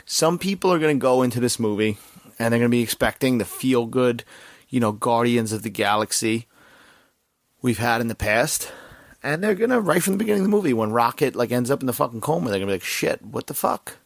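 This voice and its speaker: A man's voice: medium pitch, quick pace, gravelly, no echo, studio quality. A man hosting a podcast, talking casually and emotionally about a movie he watched, swearing often and getting worked up. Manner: excited, emotional, swears a lot. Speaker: podcast host. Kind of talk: casual movie review chat.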